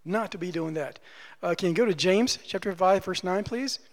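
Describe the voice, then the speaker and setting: A man with a strikingly high voice preaches a conversational sermon to his church. He talks emphatically and repeats key phrases to drive them home. His voice rings with the long reverb of a large hall. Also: normal speed. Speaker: pastor.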